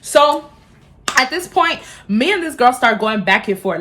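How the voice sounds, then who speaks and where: A woman's voice: on the high side, animated, unhurried, pushed and bright. A woman in her twenties from Houston, telling a heated, profane storytime on her vlog, recorded on a phone camera. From Houston, Texas. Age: 20s. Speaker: vlogger.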